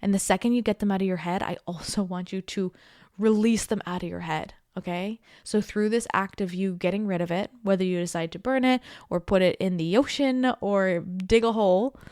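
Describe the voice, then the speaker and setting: A woman's voice: medium pitch, brisk, no echo. Encouraging woman podcast host, dry close sound. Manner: warm encouraging, repeats "okay?" and "right?"; chatty with laughs and asides. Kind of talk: casual heartfelt podcast talk.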